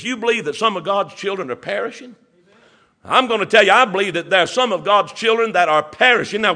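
A preacher man delivers his sermon in a high, bright, forceful voice. He drags his phrases with frequent "uh" pauses, then pushes up into emphatic bursts. His delivery is earnest and old-fashioned. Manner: preaching with rising, emphatic bursts and many "uh" fillers.

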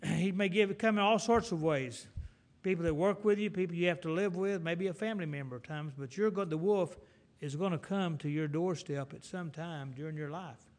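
A middle-aged man preaching a folksy sermon in an animated, storytelling way. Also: a little high, normal speed.

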